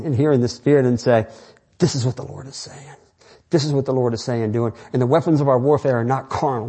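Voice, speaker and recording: A man's voice: mid-range voice, dark tone. A man who is a pastor, preaching an earnest, rambling sermon full of restarts and fillers.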